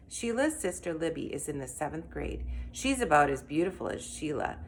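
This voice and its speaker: A woman reading a children's story aloud in an expressive, animated way. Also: deep voice, normal speed, creaky, hardly any pauses, a little hiss or hum. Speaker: reader.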